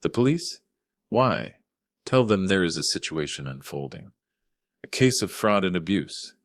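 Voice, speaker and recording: A man voicing a stern middle-aged lawyer, urgent and forceful. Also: sits low, very animated, a little slow, dry recording, clean studio sound, pitched above the performer's own voice, exaggerated voice. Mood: firm.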